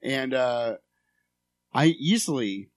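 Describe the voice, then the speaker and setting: A man in casual chat, telling an animated, swearing story about a convention. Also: medium pitch, slow pace. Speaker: podcast co-host.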